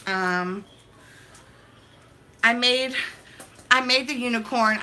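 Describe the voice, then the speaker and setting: A woman's voice: on the high side, bright, forceful tone. A young woman vlogging as she opens mail, talking in a hyper, chatty, gushing way. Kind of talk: casual mail-opening vlog.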